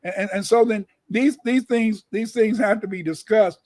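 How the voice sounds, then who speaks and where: A man's voice: high voice, normal speed, a little mellow, no room sound. A man who joins as a guest in a casual livestream discussion. He explains points in a lecturing way and often repeats words as he restarts.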